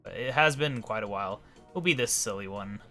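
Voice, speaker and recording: A man's voice: lowish voice, brisk, bright, forceful tone, faint music behind. A man casually commenting while playing a video game, with offhand, wry asides. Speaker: let's play host.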